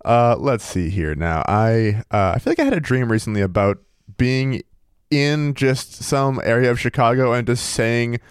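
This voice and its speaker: Male podcast co-host, smooth resonant voice, deadpan wry humor, dry close mic. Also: mid-range voice, moderate pace, no room sound. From United States. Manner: deadpan, wry, mock-formal. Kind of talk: casual chat.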